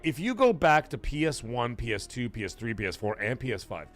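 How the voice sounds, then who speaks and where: A man with a medium-pitched, fairly bright voice hosts a casual live stream, chatting with his viewers. He rambles, swears freely, and fills his talk with fillers and restarts.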